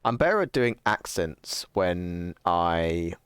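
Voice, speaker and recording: A young man with a deep, smooth voice talks casually to his stream chat. He rambles and corrects himself as he goes, swearing freely. The sound is dry and close, with no room around it. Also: big pitch swings, takes it slowly, fairly bright tone, no room sound.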